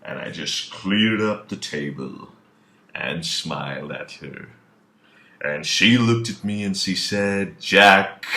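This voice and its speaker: Sly older movie star voiced by a man, very deep, slow, sharp edge, echoey room. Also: full character voice. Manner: slow, sneering, drawn-out delivery.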